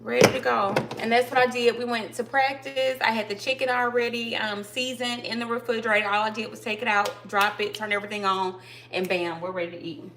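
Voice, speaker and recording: A woman's voice: on the high side, steady tone, a little fast, fairly bright tone, a little hiss or hum, rough recording. A woman hosting a casual live cooking stream from her home kitchen, chatting to her viewers and calling out to them constantly as she cooks. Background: clatter of pots and dishes.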